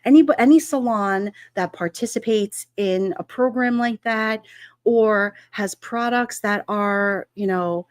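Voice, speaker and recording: A middle-aged woman hosts a casual livestream chat, rambling with lots of fillers, laughing often and reading viewer comments aloud. Her voice is medium-pitched and a little slow, captured in clean studio sound with no echo.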